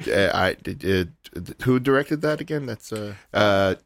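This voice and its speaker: A man co-hosting a casual talk about music, speaking haltingly with stumbling restarts. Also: on the low side, lively intonation, dry recording. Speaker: podcast co-host. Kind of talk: casual chat.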